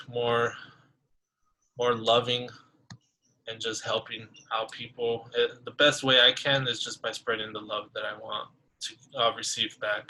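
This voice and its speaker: A man's voice: medium pitch, pushed and bright, low-quality recording. A young man co-hosting a casual podcast, telling a personal story in a rambling way with many fillers. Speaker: podcast co-host.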